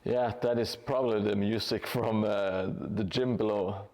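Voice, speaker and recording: A man's voice: fairly low pitch, steady tone, a little slow, darkish tone. A man live-streaming his terrain painting in a casual, hesitant way, with many fillers and restarts. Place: home hobby room above a gym.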